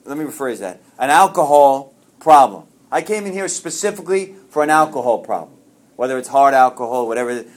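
A middle-aged man telling his personal story to a recovery group, rambling and self-deprecating, earnest, often restarting his sentences. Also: medium pitch. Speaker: speaker sharing at a recovery meeting.

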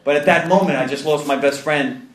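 A man speaking to a meeting, his voice on the higher side and bouncing around an echoey room. He tells his story with self-mocking humor and slips into other people's voices as he goes. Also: brisk. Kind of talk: personal storytelling to a live audience.

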